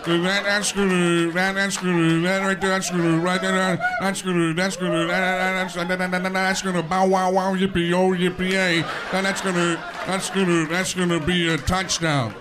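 A man's voice: high-pitched, flat delivery, lightly acted. A man doing an impression of an older football commentator who stammers and repeats himself. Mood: rambling. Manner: halting, repetitive, stuck on words. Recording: noisy live show recording.

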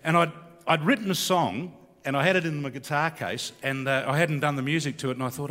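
A middle-aged Australian comedian and bush poet rambles through a stand-up story and recites a comic bush poem in a laconic way. His voice is on the high side, brisk, and sharp-toned, with long hall reverb.

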